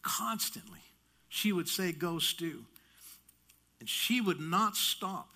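A man preaching a sermon, telling a story in an animated way with frequent restarts and touches of humor. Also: high-pitched, slow pace.

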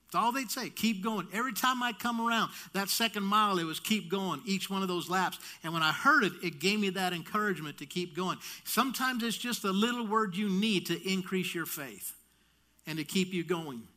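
A man with a high-pitched voice preaches a sermon at a fairly quick pace, telling a story animatedly. He restarts often and adds touches of humor.

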